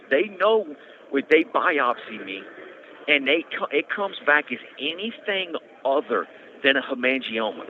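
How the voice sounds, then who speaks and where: Man telling his story over a tinny prison phone. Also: fairly high pitch. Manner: earnest, conversational, repeats and restarts. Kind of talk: casual storytelling. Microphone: prison phone handset. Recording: tinny phone line with faint noise.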